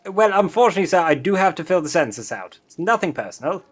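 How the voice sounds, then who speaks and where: A man's voice: high voice, big pitch swings, fast, slightly rough, heavily acted. A man playing a polite, overly formal census taker with a British accent who keeps calling people sir. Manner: overly formal, keeps saying sir, swears when startled. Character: polite fussy Old West male census taker.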